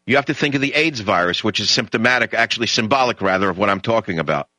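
A man's voice: lowish voice, animated, quick pace, sharp tone, dry recording, poor audio. A middle-aged man delivering an emphatic, indignant talk radio monologue, lecturing his listeners and running through long lists.

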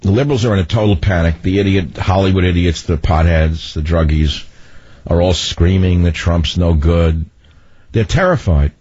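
Husky older man ranting on radio. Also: low voice, moderate pace, no echo. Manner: loud commanding voice, ranting. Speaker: talk radio host. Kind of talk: political talk radio monologue. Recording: dull lo-fi radio broadcast.

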